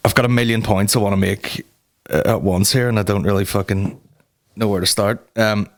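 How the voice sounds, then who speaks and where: A man's voice: fairly low pitch, steady tone, fairly quick. A man hosting a comedy podcast, ranting heatedly with lots of swearing and restarts. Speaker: podcast host.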